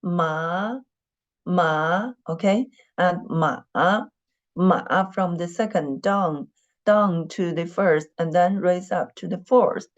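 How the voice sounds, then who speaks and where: Slow, patient woman teacher. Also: on the low side, a little mellow. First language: Mandarin Chinese. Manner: patient, repeats each point, many "you know" fillers. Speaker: Mandarin teacher. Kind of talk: classroom lesson explaining tones. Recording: dull lo-fi recording.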